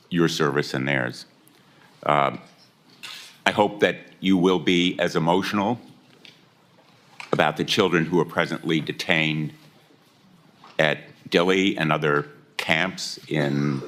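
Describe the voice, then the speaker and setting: A senator with an extremely deep voice questions a witness at a formal hearing. He speaks slowly and deliberately, pressing each point. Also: a bit bright. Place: hearing room.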